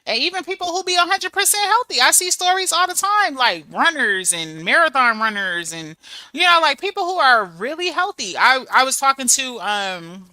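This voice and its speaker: A woman in her thirties chatting casually to her viewers, telling stories in a lively, animated way. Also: high voice, moderate pace, no echo. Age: 30s. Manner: chatty, storytelling, animated with laughs and quoted voices. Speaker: channel host. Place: abroad in Germany.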